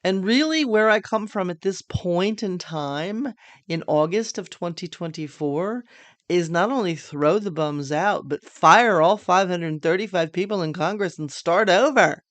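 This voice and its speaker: A woman's voice: on the low side, animated, unhurried, no echo. An older woman hosting a casual political monologue, chatty and joking, sounding tired late at night. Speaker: podcast host.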